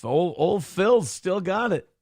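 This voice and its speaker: A man co-hosts a loose morning talk show, joking around and needling his partner. His voice sits a bit high for a man and has a gravelly, fry-laden edge. The sound is dry and close. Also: expressive, takes it slowly, darkish tone, dry recording, some chatter behind. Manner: teasing, joking, reads chat comments aloud. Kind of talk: casual banter show.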